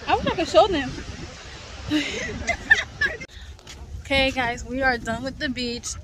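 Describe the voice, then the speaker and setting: High-voiced woman vlogging outdoors. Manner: chatty, laughs often, slangy. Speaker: vlog host. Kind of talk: casual vlog chat to camera. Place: outdoors by the beach and in town. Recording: noisy outdoor phone recording.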